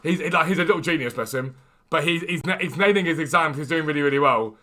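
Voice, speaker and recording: A man's voice: a little high, quick pace. A young man streaming a video game, talking casually and energetically to his viewers. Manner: energetic and chatty. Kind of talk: casual live-stream talk.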